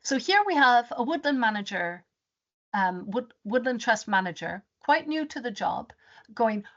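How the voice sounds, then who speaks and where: A woman presenting a webinar as a rainforest advisor. She tells her story in an animated way and often restarts her sentences. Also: on the high side, a little slow. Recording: dull lo-fi webinar audio.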